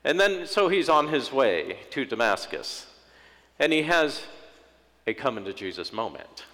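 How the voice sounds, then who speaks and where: A man preaching a sermon as pastor, in a relaxed conversational way with humorous asides and quoted inner thoughts. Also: medium pitch, unhurried, in a large hall.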